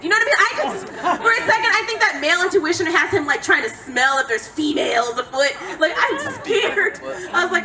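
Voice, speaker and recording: Female stand-up comic, lively, swooping delivery, live club sound with heavy crowd noise. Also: fairly quick, few pauses. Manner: animated, jumps to high excited pitch on punchlines. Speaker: stand-up comedian. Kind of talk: stand-up comedy set. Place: comedy club stage. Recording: live club recording from a distance, loud crowd laughter and noise.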